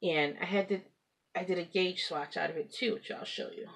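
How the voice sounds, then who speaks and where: Lady chatting about her knitting at home, kinda low voice, rambly, laughs a lot. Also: normal speed, fairly bright tone. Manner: chatty, rambling, laughs often, coughs and clears throat. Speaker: knitting podcast host. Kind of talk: casual craft chat to camera. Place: at home with pets.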